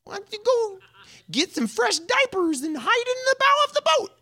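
A preacher voicing Jesus as sarcastic and mocking, teasing timid men in a high, shrill, exaggerated voice. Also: sing-song, normal speed, bright, forceful tone, exaggerated voice.

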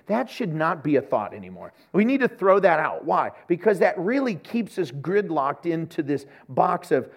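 A male pastor delivering a sermon with a lively, swooping delivery that jumps from soft asides to loud bursts. His voice sits a bit high for a man, and he acts out quoted voices as he goes. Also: moderate pace, few pauses.

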